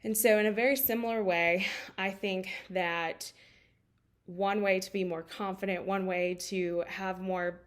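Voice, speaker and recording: A woman's voice: medium pitch, steady tone, measured pace. A life coach in her thirties telling a personal story in a candid, emotional way, with many fillers.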